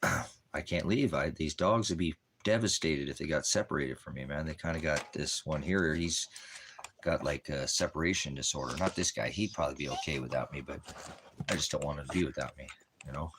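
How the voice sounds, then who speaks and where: A man chatting casually to his viewers, rambling with fillers, sometimes cooing at his dogs in a high sing-song voice. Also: fairly quick, noisy background. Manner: rambling, with many fillers and restarts. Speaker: vlogger. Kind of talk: casual talk to camera.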